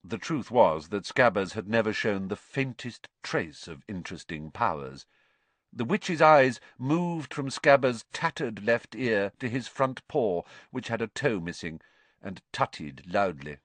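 A man narrating a storybook in an expressive, animated reading. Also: lowish voice, unhurried, no echo. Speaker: audiobook narrator.

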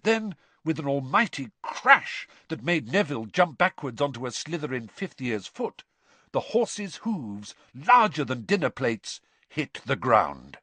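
A man narrating a storybook audiobook in an expressive, suspense-building way. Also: mid-range voice, measured pace, slightly rough, no room sound. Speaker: audiobook reader.

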